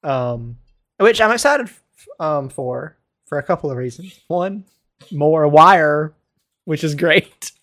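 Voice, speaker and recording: A man's voice: fairly high pitch, expressive, slow, a bit bright. A young man from Baltimore co-hosting a podcast, rambling and laughing often in casual chat. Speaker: podcast co-host.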